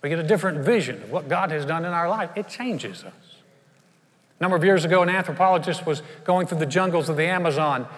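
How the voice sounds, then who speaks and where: A pastor preaches a sermon from the pulpit in a somewhat high voice, animated and fast, swinging between loud, emphatic bursts and hushed lines. A long, ringing reverb suggests a large church sanctuary.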